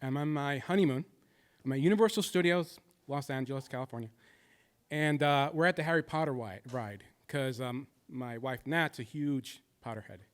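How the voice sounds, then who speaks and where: A man's voice: medium pitch, normal speed, clear, resonant tone. A man in his thirties telling a personal stand-up story, confessional and shifting between jokes and somber moments. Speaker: stand-up comedian.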